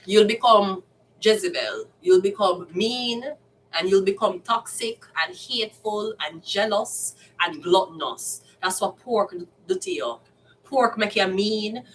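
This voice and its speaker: A tarot card reader with a Jamaican accent rants in a casual monologue, blunt, heated and full of swearing. Her voice is mid-range and unhurried. A distant mic catches faint background noise.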